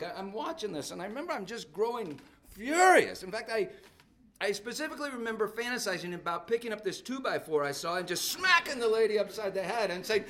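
A man in his fifties preaching a sermon, his voice sitting a little high for a man. He tells stories, swinging from loud outbursts to soft, dropped phrases. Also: sing-song, brisk. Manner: storytelling with sudden loud outbursts and soft drops. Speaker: pastor.

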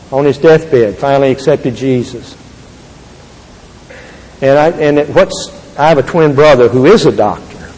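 A man's voice: fairly high pitch, darkish tone. Earnest older man in a reverberant hall. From Texas. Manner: earnest, halting, with restarts. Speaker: speaker giving a testimony. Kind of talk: Christian testimony talk. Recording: long reverb of a large hall.

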